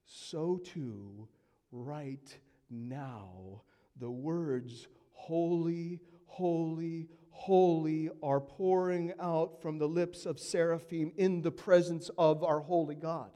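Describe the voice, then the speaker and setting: A man delivers a sermon in a church, his slow and deliberate phrasing swinging from hushed low passages up to loud, emphatic peaks. His voice sits fairly high for a man. The sound carries a long reverb from the large hall. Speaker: preacher.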